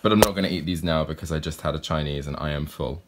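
A man's voice: extremely low pitch, quick pace, noisy background. A man, chatting casually and cheerfully through a weekly vlog, with rambling restarts. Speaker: vlogger. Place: out and about in a city, on streets and indoors. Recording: background music playing loudly.

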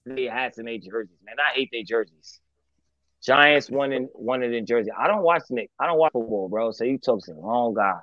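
A man's voice: on the high side, fairly bright tone, no echo, muffled recording. A man talking as a podcast guest, joking and swearing as he acts out street scenes. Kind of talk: casual podcast banter.

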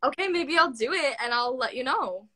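A young woman hosting a live stream from her phone. Her voice is bright and a touch high. She chats quickly in a giggly way and reads out viewer comments. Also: expressive. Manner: chatty, giggly, reading comments aloud. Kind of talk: casual chat. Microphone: phone on a live video call.

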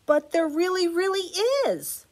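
A woman voicing an excited, earnest little boy who pleads with his parents. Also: measured pace, heavily acted. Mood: insistent. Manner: high, insistent, earnest.

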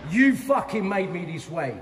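Filming on his phone in a hospital waiting area, a middle-aged Londoner launches into a heated, confrontational rant full of swearing and repetition. His high voice swings widely in pitch at normal speed, with slight background noise and long reverb from the echoey hall.

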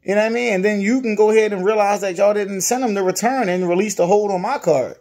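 A man's voice: high-pitched, fast, darkish tone. A man with a Virginia accent, venting in a casual monologue about a bad dealer experience, repeating himself and acting out what others said. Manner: frustrated, repetitive, mimics others' lines. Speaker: customer complaining about a dealer.

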